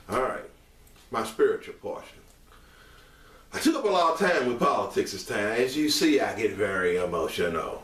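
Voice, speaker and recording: A man delivering an impassioned monologue straight to camera, emphatic and repetitive, rising to raised outbursts and settling into earnest quieter stretches. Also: fairly low pitch, distant mic. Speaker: online commentator. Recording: echoey room, mic set back.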